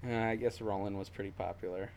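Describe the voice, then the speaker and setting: A man's voice: on the low side, fairly even intonation, quick pace, creaky, a crowd in the background. A man co-hosting a casual podcast over a call, joking and laughing often. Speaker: podcast co-host. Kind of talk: casual chat. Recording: remote call recording.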